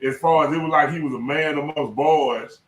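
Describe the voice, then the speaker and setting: Brief: middle-aged man, ex-football coach, emphatic and profane storyteller, slightly raised pitch, echoey room, voice a bit far from the mic. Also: a little fast. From South Dallas, Texas. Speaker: former high school football coach. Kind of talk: casual podcast storytelling.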